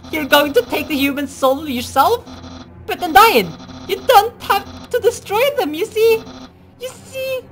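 A woman voicing an eager, overexcited male skeleton guard in a video game who shouts his report. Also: extremely high pitch, pitched above the performer's own voice, full character voice. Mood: pleading.

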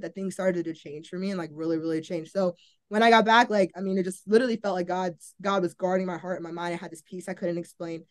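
A woman's voice: fairly low pitch, quick pace. Earnest young woman sharing her testimony. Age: young adult. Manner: earnest, heavy use of "like", acts out her own past thoughts. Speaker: college volleyball player, podcast guest. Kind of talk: casual personal testimony.

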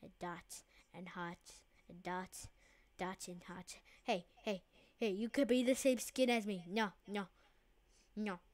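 Playful slow-talking woman gaming host. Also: mid-range voice. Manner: playful, swings between quiet mumbling and excited outbursts. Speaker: channel host. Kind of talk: casual gameplay commentary.

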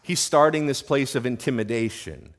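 A man's voice: mid-range voice, moderate pace. A man preaching a sermon in a church, talking conversationally and often checking in with the congregation with questions. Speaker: pastor. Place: church sanctuary.

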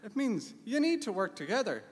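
A man's voice: sits high, big pitch swings, a little fast. Irish man on a conference stage. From Ireland. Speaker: Irish community member on stage. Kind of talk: comic stage sketch. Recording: live stage mic in a hall.

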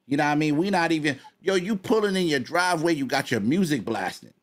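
A man's voice: fairly high pitch, fast talker. Rambling New man on a podcast. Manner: rambling, animated, repeats himself. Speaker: podcast co-host. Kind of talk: casual chat.

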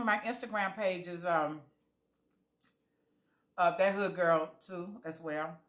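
A woman with a bright, forceful voice talks casually to her viewers while tasting food. She chats freely and calls her audience y'all. Between bites she lets out contented, savoring hums. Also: on the low side, slow pace, long pauses. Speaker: food vlogger tasting jellies.

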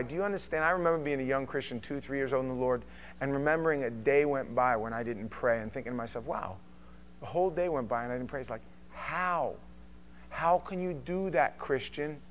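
Animated man preaching a sermon. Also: a little high, slight background noise. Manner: animated, acts out quotes with sudden loud bursts. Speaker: pastor.

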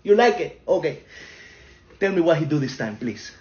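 A man's voice: fairly high pitch, very animated, normal speed, a little mellow, dull audio, slight background noise. A man playing a blunt Spanish-accented dad. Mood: exasperated. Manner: broken English, sarcastic scolding, chuckling asides. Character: blunt, hot-tempered Latino immigrant dad. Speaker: comedy sketch creator. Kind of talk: comedic skit acting.

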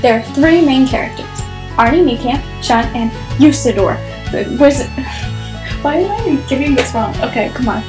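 A woman's voice: sits high, animated, normal speed, roomy sound, music in the background, low-quality recording. A young woman reviewing a podcast in a casual home vlog, chatty and giggly, with lots of fillers and restarts. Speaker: book vlogger.

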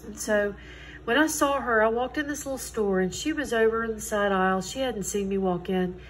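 Middle-aged woman, earnest testimony, slightly high voice, faint background hiss. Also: a little fast, low-quality recording. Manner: earnest, conversational, quotes others in dialogue. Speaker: Christian testimony speaker. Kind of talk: personal testimony storytelling.

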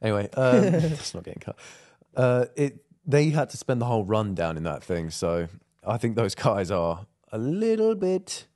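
A man's voice: mid-range voice, very animated, moderate pace, a little mellow. A young man co-hosting a podcast in casual chat, rambling with lots of fillers and laughter. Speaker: podcast co-host.

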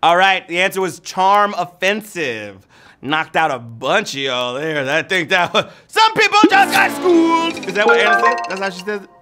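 Hyped, high, sing-song game show man. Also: animated, moderate pace, sharp tone. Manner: playful, hyped, sing-song with teasing rhymes; calls players "babies". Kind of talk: live trivia game show hosting. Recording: music bed playing under the voice.

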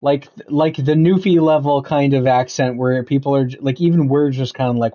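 A man's voice: fairly high pitch, moderate pace, warm tone. A man chatting casually with viewers while he plays a game on a live stream, loose and joking, swearing freely.

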